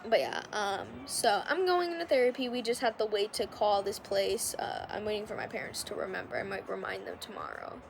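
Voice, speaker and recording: A woman's voice: mid-range voice, sing-song, fairly quick, gravelly, hardly any pauses, a little hiss or hum. A young woman hosting a podcast, talking casually and rambling with lots of filler words and restarts. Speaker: podcast host. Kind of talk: casual confessional monologue.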